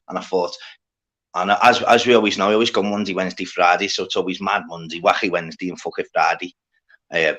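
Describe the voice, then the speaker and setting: A man with a fairly low voice hosts a casual livestream, rambling to his viewers. He talks in loose slang, swears freely and keeps greeting people by name from the chat. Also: a bit bright, husky. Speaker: livestream host.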